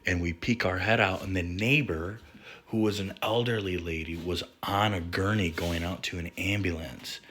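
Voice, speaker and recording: A man's voice: low voice, steady tone, normal speed, fairly bright tone, husky. A young man casually telling a story, rambling and swearing, with lots of fillers.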